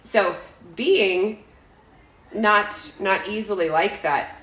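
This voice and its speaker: A woman's voice: mid-range voice, very slow, fairly bright tone, echoey room, rough recording. A woman in her forties co-hosting a podcast, telling a story in a rambling, self-interrupting way with frequent laughs. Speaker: podcast co-host. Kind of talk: casual chat, storytelling.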